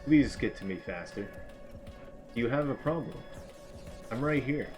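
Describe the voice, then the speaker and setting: Male game streamer, middle pitch, chatty live commentary with bursts of laughter, faint music underneath. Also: lively intonation, normal speed.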